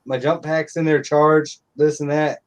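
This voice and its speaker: Man, middle-aged, casual live-stream chat, profane, blunt, slightly high voice. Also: flat delivery, measured pace, clear, resonant tone.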